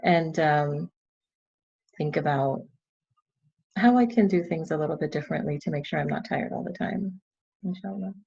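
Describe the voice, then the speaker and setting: A woman's voice: deep voice, moderate pace, gravelly, pauses often, warm tone, slightly rough. A woman in a workshop sharing her reflections candidly and thoughtfully, with hesitant restarts. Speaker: workshop participant. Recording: dull lo-fi video call audio.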